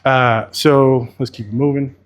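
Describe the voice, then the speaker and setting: A man speaks at a conference keynote in a casual, candid way, swearing freely as he talks. His voice sits in an ordinary middle pitch. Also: steady tone, takes it slowly. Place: conference venue.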